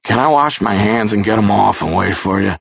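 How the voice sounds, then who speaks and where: A man's voice: lowish voice, a little fast, creaky, husky, dry recording. A man voicing a jittery, scared young drifter with a whining, pleading manner, in a dull lo-fi recording. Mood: anxious.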